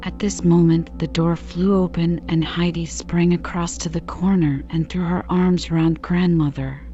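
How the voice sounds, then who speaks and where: A woman narrates a classic children's book in a calm, measured way. Her voice is mellow and slightly low, and the recording sounds a little dull. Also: faint music behind. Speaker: audiobook reader.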